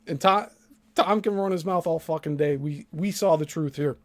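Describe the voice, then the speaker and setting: A man's voice: on the high side, moderate pace. A man hosting a live stream, commenting on a clip in a crude, mocking, profane way. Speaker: show host.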